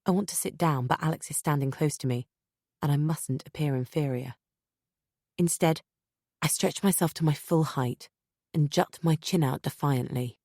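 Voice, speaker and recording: Female audiobook narrator, low register, dry studio sound, tense measured reading. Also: dark tone, no echo. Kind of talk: first-person thriller narration.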